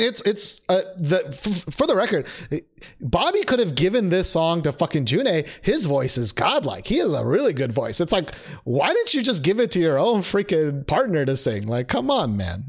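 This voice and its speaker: A young man co-hosting a casual chat, animated and rambling, laughing often and restarting his sentences. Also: on the high side, moderate pace, husky. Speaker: podcast co-host.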